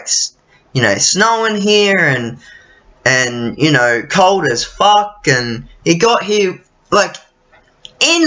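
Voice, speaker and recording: Brief: high-pitched Australian man, unhurried and bright-toned, swearing through a rambling rant. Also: highs cut off. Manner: profane, rambling, frequent restarts and fillers. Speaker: vlogger. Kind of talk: casual ranting monologue.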